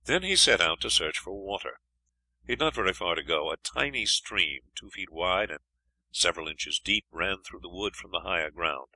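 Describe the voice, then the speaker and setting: A man reading an adventure story aloud as audiobook narrator, in a steady storytelling manner. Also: sits low, moderate pace, no room sound, poor audio. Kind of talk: scripted narration.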